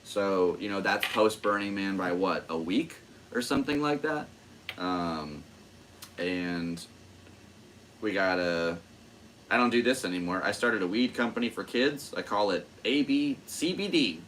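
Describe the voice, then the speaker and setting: A man's voice: on the low side, animated, a little slow, fairly bright tone, a little hiss or hum. Rambling, self-amused young man. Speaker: podcast host, stand-up comedian. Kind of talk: casual solo chat.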